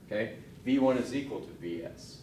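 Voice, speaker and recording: A man lecturing on circuit theory in a relaxed, offhand way, talking himself through each step. His voice sits back from the microphone in a reverberant room, with a faint hum of ambience underneath. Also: medium pitch, brisk, far from the mic. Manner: casual, thinking aloud with restarts and asides. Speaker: engineering lecturer. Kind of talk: recorded technical lecture. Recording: echoey room, off-mic.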